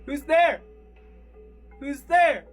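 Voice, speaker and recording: A man's voice: extremely slow, soft background music, full character voice. A man voicing a pack of predatory dinosaurs that imitate the panicked cries of their human victims. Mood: frantic. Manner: shrill desperate screaming. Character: Dilophosaurus pack mimicking frantic human cries.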